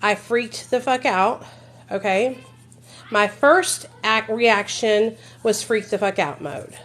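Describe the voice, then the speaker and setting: A woman's voice: mid-range voice, slow pace, fairly bright tone. A woman vlogger telling a personal story on a live stream, blunt and emphatic, swearing freely and talking straight to her viewers.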